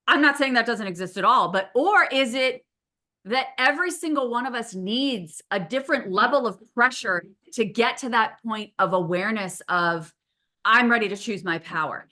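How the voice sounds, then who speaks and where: Bright-voiced animated woman podcaster. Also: a little high, moderate pace. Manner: animated storyteller, swears casually. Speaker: podcast host. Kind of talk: casual conversational podcast.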